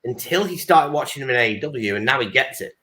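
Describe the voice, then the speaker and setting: Man, bright tense voice, confident, explaining, casual podcast chat. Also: medium pitch, animated, quick pace. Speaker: podcast co-host.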